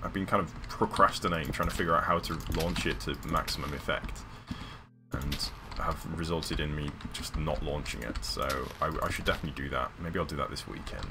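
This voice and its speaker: A man with a deep voice talks casually over a live game stream. He meanders and hesitates, circling back with ums and restarts. Clear music plays underneath. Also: a little fast. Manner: rambling, hesitant, many fillers and restarts. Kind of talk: casual live-stream chat while gaming. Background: background music.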